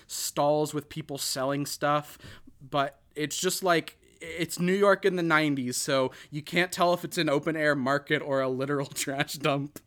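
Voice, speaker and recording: A man's voice: fairly high pitch, a bit bright. A man hosting a casual podcast, recapping a movie in a rambling way, full of "you know" and "like". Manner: rambling, filler-heavy, often "you know" and "like". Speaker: podcast host.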